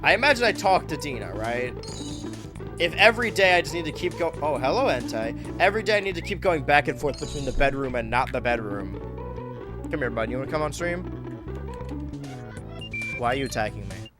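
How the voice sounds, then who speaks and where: A man's voice: on the high side, lively intonation, a little fast, pauses often, over music. Jokey rambling male game streamer. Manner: rambling, jokey, swinging between loud outbursts and mutters. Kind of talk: casual let's-play commentary.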